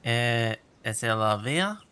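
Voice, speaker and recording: A man live-streaming a game walkthrough, talking in a halting, mumbled way with many fillers. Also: medium pitch, expressive, smooth. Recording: loud game music behind.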